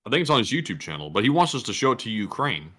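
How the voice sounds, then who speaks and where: A man co-hosting a livestream, reading out viewer messages in a brisk, matter-of-fact way. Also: mid-range voice, big pitch swings, fairly bright tone.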